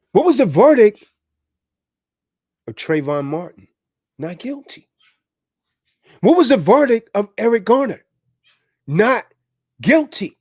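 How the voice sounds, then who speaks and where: A man's voice: sits high, big pitch swings, measured pace, long pauses, darkish tone, breathy edge, dry recording, studio quality. A man hosting a live stream, preaching and exhorting his listeners, often ending lines with "man". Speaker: livestream host. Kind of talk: impassioned preaching livestream.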